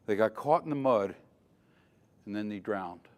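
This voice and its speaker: A man's voice: on the low side, animated, measured pace. An older man giving a dramatic safety lecture at a conference, quizzing the audience as he goes. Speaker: safety trainer. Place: conference hall. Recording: long hall reverb.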